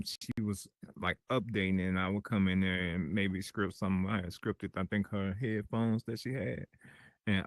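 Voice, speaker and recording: A man hosting a podcast, talking in a relaxed casual way, telling a story with many fillers. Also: fairly low pitch, no room sound. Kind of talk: casual chat.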